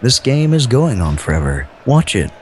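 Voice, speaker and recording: A man doing playful amateur football commentary in a smooth, mock-suave radio-announcer manner. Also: mid-range voice, very animated, normal speed.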